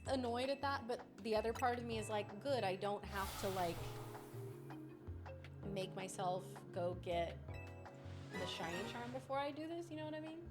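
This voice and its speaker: A woman's voice: fairly high pitch, lively intonation, normal speed. A young woman streamer casually chatting and answering her chat while she plays a game. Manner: does silly voices and mimicry. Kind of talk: casual gaming livestream chat. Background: game music.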